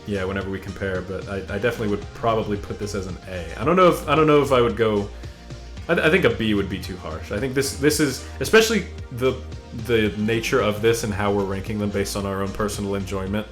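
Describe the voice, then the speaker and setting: Relaxed young man chatting on a podcast. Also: lowish voice, fast talker, soft background music. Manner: relaxed and hesitant, lots of restarts and laughter. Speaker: podcast co-host. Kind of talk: casual podcast chat.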